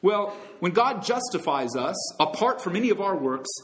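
A man preaching a sermon as pastor, emphatic, rising to loud high peaks and dropping low and soft, calling his listeners friends and brothers and sisters. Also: big pitch swings, normal speed.

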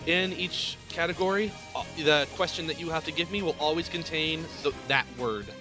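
A man's voice: fairly high pitch, normal speed, over music. A man hosting a playful quiz game on a podcast, explaining the rules and laughing often. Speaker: quiz host.

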